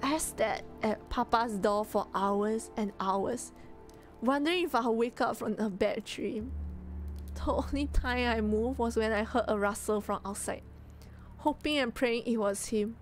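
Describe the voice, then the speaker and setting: A small, gentle orphan girl speaks in a high, halting voice, fighting back tears as her words falter, as a woman reading aloud puts her on. Her soft storybook voice sits over clear music in the background. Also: lightly acted. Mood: halting, sad.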